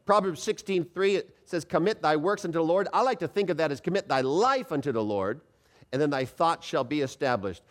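A man preaching a sermon in a church, animated and calling on the congregation to answer him out loud. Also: a little high, brisk. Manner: animated, calls for congregation responses.

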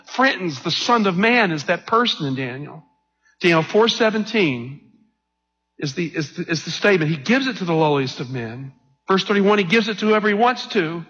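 A high-pitched male preacher with a husky voice delivers a sermon, leaning slowly and emphatically on scripture. The sound is dull and lo-fi, with a long hall reverb trailing his words. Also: expressive, a bit bright. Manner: slow emphatic scripture reading.

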